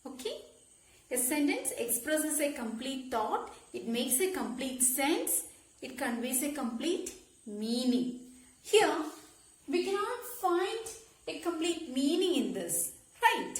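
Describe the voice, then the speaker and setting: A woman teacher explaining a grammar lesson slowly, repeating key words and checking with "okay?". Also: high voice, big pitch swings, reverberant. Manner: slow, repetitive explaining with frequent "okay?" checks. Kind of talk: classroom lesson.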